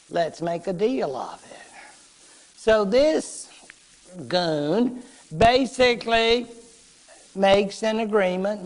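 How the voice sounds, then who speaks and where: High-voiced, slow-talking male lecturer. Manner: playful, joking, acts out short quotes. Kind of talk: casual history lecture. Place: classroom.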